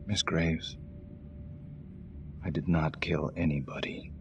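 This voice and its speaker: An actor playing a desperate male death-row inmate in a video game cutscene, lurching between hushed whispers and furious shouts. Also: extremely low pitch, steady tone, slow, vocal fry, muffled recording, a little hiss or hum, full character voice. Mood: haunted. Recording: game score playing underneath.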